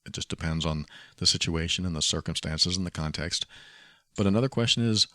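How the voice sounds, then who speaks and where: A man hosting a podcast, giving calm, coaching advice and repeating key phrases. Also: sits low, fairly quick, dry recording, studio quality. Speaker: podcast host. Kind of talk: advice monologue.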